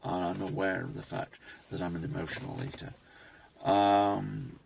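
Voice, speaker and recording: A man, talking reflectively to his phone camera in a rambling personal vlog, pausing and restarting often. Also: low voice, flat delivery, vocal fry, darkish tone, a little hiss or hum. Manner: reflective, halting, with many restarts. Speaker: vlogger.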